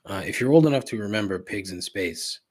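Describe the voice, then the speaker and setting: A middle-aged man hosting a podcast, rambling through a profane rant that climbs in pitch when he gets riled. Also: lively intonation, a little fast, darkish tone, breathy edge. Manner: rambling and repetitive, swears freely, rises in pitch when riled. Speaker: podcast host. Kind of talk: casual profane ranting monologue.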